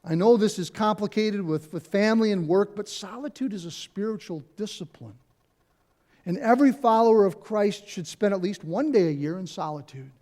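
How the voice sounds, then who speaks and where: A man's voice: high voice, moderate pace, mellow. A middle-aged man, a pastor, preaching a conversational sermon in a church, repeating key phrases and adding asides. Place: church sanctuary.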